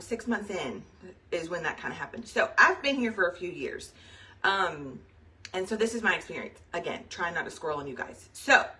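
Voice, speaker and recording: A young woman chats loosely to her team over a live video, drifting between thoughts and filling gaps with "um" and "y'all." She is pregnant and talks in a bright, forward voice. The mic sits a little away from her, so the sound is somewhat distant. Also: lowish voice. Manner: chatty and rambling, says y'all, frequent fillers. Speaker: direct sales team leader.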